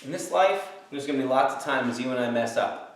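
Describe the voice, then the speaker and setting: A man's voice: medium pitch, fairly quick. A male pastor giving a children's Sunday school lesson, telling a playful story and acting out both sides. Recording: very echoey room, mic far off.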